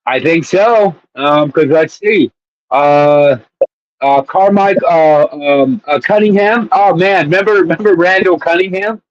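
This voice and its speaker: A man's voice: a little high, a little slow, dry recording, muffled recording. A man co-hosting a casual sports chat show, rambling and laughing as he tells stories. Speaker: co-host.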